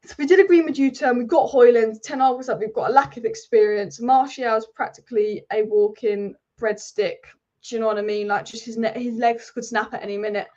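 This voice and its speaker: A woman's voice: fairly high pitch, fairly even intonation, fairly quick, a little mellow, highs cut off. A woman hosting a live football show, ranting passionately and repeating points for emphasis. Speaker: football channel host.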